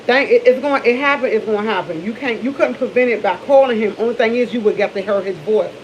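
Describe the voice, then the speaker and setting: A woman's voice: fairly high pitch, fast, a little hiss or hum, low-quality recording. Middle-aged D.C. woman chatting candidly. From Washington, D.C. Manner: candid, rambling, with many restarts. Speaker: vlogger. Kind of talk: casual morning chat to camera.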